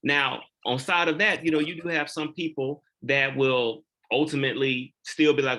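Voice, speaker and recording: A man's voice: medium pitch, fairly even intonation, normal speed, few pauses, sharp tone. A man sharing his sales closing lines in a training session, emphatic and repeating his key questions. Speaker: insurance agent presenting sales training.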